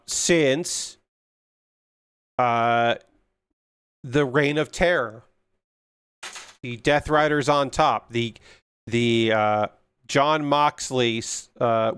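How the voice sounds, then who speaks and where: A man's voice: medium pitch, slow pace, pauses often, a bit bright, clear, resonant tone, no echo, clean studio sound. A young man chatting casually on a livestream while building a model kit, ranting with frequent swearing and filler words. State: yawning.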